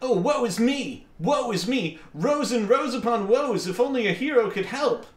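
A man's voice: very high-pitched, lively intonation, normal speed, reverberant, voice pushed up. A man voicing a melodramatic game character who wails in distress, with a theatrical, overwrought delivery. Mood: anguished.

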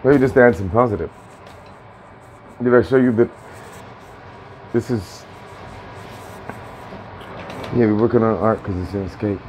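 A man's voice: on the low side, moderate pace, darkish tone, a little hiss or hum. Agitated aggrieved man ranting at home. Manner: aggrieved, repetitive, swearing. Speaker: tenant vlogger. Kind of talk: agitated personal vlog rant.

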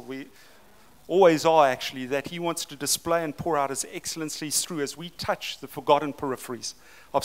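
A man with a South African accent preaching a passionate, excited sermon at a leadership forum, acting out quoted lines with dramatic emphasis. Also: fairly high pitch.

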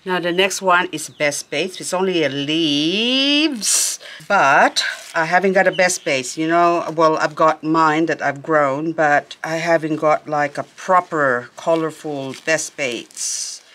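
Excited lady unboxing plants outside, slow unhurried talk, gushes a lot. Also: low-pitched. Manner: excitable, gushing, frequent gasps and exclamations. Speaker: plant vlogger. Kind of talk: unboxing vlog. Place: outdoors in sunlight.

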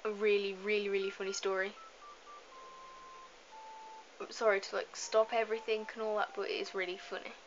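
A woman's voice: mid-range voice, flat delivery, fairly quick, pauses often. A woman giving casual, rambling commentary over a video game, chatty and often apologizing in asides. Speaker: gameplay commentator. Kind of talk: casual let's-play commentary. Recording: slightly dull lo-fi home mic with faint hiss.

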